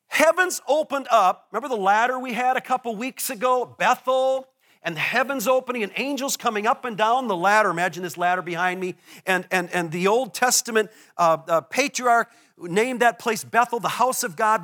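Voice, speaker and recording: A male pastor preaching a sermon to a congregation, telling a story with animated, self-deprecating asides. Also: high-pitched, moderate pace. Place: church before a congregation.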